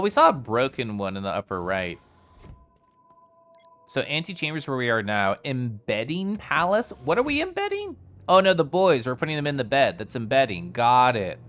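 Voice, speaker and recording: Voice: mid-range voice, fairly bright tone. A streamer giving chatty, playful live commentary while playing a game and joking with chat.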